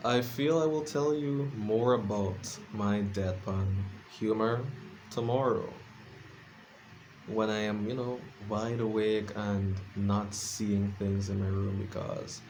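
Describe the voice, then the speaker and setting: Sleepy rambling man, low voice. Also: steady tone, slow, a little mellow, slight background noise. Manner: rambling, self-deprecating, many fillers and restarts. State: sleepy, late at night. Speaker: vlogger. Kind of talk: casual late-night vlog ramble. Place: his room at home.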